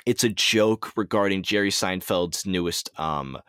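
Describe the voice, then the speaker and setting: A man's voice: deep voice, a little slow, a bit bright, smooth, no echo, studio quality. A man co-hosting a podcast, relaying movie news in casual chat, hesitant with lots of ums and restarts. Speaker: podcast co-host.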